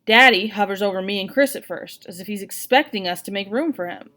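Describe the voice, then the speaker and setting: A woman's voice: medium pitch, fairly quick. Woman reading a novel aloud. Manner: expressive first-person reading. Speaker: audiobook reader. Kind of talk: read-aloud novel narration.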